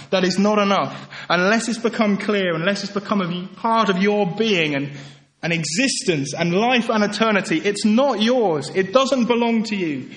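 A man delivers a sermon in a fairly high voice. He pleads earnestly with his listeners, building to emphatic peaks before dropping back to quiet, soft passages. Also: moderate pace. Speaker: preacher.

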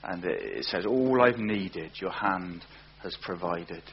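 A man preaching a sermon, earnest, often slowing down and repeating words for emphasis. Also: sits low, sing-song, vocal fry, breathy edge. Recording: dull lo-fi recording with faint hum.

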